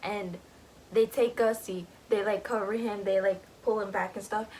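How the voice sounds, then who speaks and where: A woman's voice: mid-range voice, steady tone, normal speed, darkish tone, a little hiss or hum, rough recording. A woman casually recapping a book, rambling, with lots of filler words.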